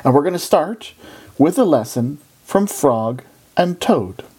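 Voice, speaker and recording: A preacher delivering a sermon in a conversational, storytelling manner. The pitch moves a lot, which keeps the delivery lively. The voice sits at a middle pitch. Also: unhurried, husky.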